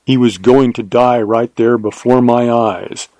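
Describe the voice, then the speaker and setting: A man reading a first-person adventure story aloud in a measured, unhurried way. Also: mid-range voice, fairly even intonation, warm tone, no echo, low-quality recording. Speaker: narrator. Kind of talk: scripted audiobook narration.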